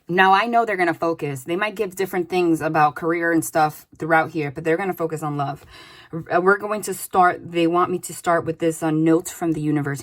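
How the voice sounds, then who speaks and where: Chatty woman doing a tarot reading. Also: on the low side. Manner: chatty, with many "like" and "okay?" tags. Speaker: tarot reader. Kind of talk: casual spoken tarot reading.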